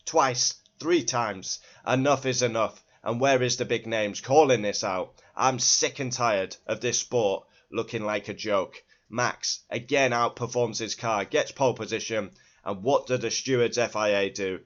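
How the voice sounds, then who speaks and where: A man at a middle pitch rants alone to his audience, furious and indignant, hammering short clipped phrases and swearing again and again. The recording is a little dull and lo-fi. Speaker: motorsport fan channel host. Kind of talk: angry solo rant to camera.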